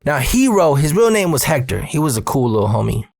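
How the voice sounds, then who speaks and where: Profane animated male storyteller. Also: on the high side, a little fast, vocal fry, no room sound, studio quality. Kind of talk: casual storytelling vlog.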